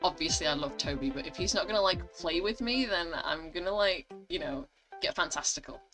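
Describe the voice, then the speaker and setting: A woman's voice: lowish voice, lively intonation, fairly quick, over music, low-quality recording. An English woman casually chatting through a mobile story game, with chatty, self-deprecating asides. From England. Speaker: gaming channel host. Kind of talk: casual let's-play commentary.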